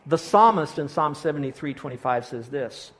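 A man's voice: on the high side, animated, normal speed, a bit bright. A middle-aged male pastor preaching a sermon, earnest and pastoral, often restarting his sentences.

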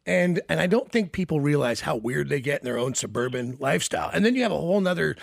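A man hosting a casual talk show, telling crude, self-mocking stories in an animated way. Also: fairly high pitch, fast talker, vocal fry, no echo, studio quality. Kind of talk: casual storytelling chat.

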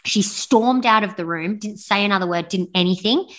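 A young woman, a podcast guest telling her birth story in a frank, animated way with blunt swearing. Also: medium pitch, normal speed. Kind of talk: casual storytelling interview.

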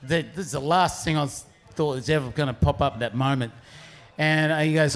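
A man's voice: a little high, a little fast. A man telling a surf story casually, rambling with frequent restarts. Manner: rambling, restarts often, laughs through punchlines. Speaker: pro surfer telling a story.

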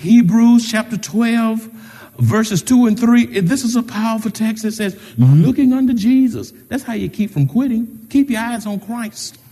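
Male pastor, high lively voice, sermon in reverberant church hall. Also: unhurried, slightly rough. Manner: animated preaching with call-outs and retold conversations. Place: church sanctuary. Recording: long reverb of a large hall.

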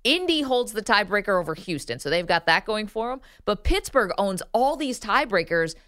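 A woman co-hosting a sports radio show, her voice clear and smooth. She talks in quick, chatty runs and laughs easily. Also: medium pitch, big pitch swings, fairly bright tone. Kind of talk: casual sports talk.

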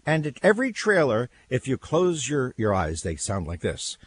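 An older man hosting talk radio, telling stories in casual chat with a husky voice and lots of repeated words. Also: medium pitch, moderate pace, a little hiss or hum. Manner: animated storyteller, repeats words, laughs.

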